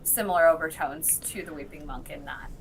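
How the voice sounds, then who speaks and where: A woman recapping TV episodes in casual chat, telling the story with lots of fillers and quick bits of the characters' lines. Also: low-pitched, vocal fry, a little hiss or hum, poor audio. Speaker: podcast guest.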